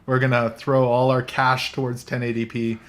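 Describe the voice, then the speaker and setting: A man's voice: mid-range voice, little pitch movement, normal speed. A man hosting a casual tech chat show from a coffee shop, chatty and joking, laughing often. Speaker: podcast host.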